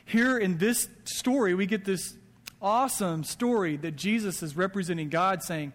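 Male pastor, conversational sermon, higher voice, long hall reverb. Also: normal speed. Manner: conversational preaching with quoted asides. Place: church sanctuary.

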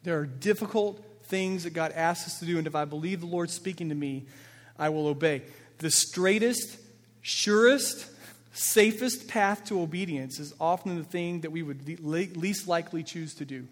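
A man's voice: fairly high pitch, moderate pace. Earnest male pastor preaching in a reverberant hall. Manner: earnest, direct, repeats words when searching for them. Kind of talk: sermon. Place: church sanctuary. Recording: long reverb of a church hall.

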